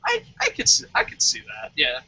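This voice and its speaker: A man hosting a casual wrestling review podcast, excitable and slightly tipsy, often acting out quoted voices. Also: medium pitch, moderate pace, husky. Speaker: podcast host. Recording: dull lo-fi sound.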